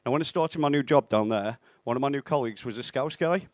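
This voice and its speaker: Deadpan young stand-up. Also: male voice, medium pitch, quick pace, dry recording. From England (Stoke-on-Trent). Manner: deadpan, self-mocking delivery with acted-out dialogue. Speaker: stand-up comedian. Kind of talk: stand-up comedy set. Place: comedy club stage.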